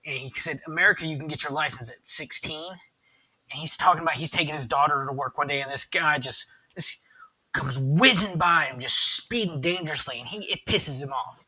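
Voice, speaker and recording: A man's voice: fairly high pitch, brisk, bright, forceful tone, rough recording. A man co-hosting a casual podcast chat, rambling through anecdotes and swearing freely. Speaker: podcast co-host.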